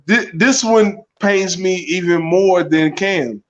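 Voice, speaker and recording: A man's voice: high voice, slow. Brash, profane man on muffled audio. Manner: brash, profane, rattles off picks. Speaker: podcast co-host. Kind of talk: casual sports podcast chat.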